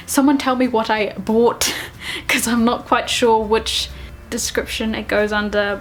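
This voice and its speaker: A woman, chatting excitedly and self-deprecatingly in a casual book vlog. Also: medium pitch. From New Zealand. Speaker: book vlogger.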